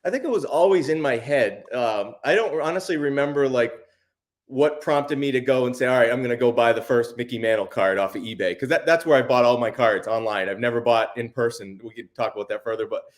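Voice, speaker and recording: A man talking casually as an interview guest, relaxed and rambling, with plenty of fillers and restarts. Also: mid-range voice, fairly quick. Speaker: guest, sports card YouTuber.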